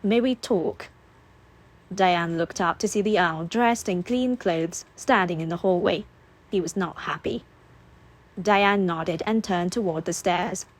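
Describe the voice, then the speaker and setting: A woman reading a novel aloud as an audiobook narrator, steady and expressive. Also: on the low side, unhurried.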